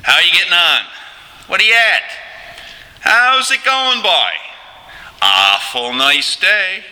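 A man's voice: sits high, big pitch swings, takes it slowly, bright, forceful tone, big-room sound, voice pushed up, heavily acted, poor audio. A man doing a folksy Newfoundland local. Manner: broad dialect banter, exaggerated lilt.

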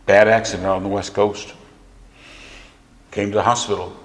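A man preaching a sermon as pastor, moving from soft, confiding storytelling to rising, emphatic declarations. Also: on the low side, level tone, normal speed, reverberant, big-room sound.

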